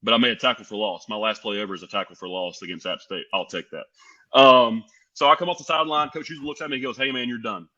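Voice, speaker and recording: Animated young man, bright lo-fi voice. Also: medium pitch, quick pace. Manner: animated, lively storyteller acting out quotes. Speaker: podcast guest, pro wrestler. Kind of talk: casual storytelling.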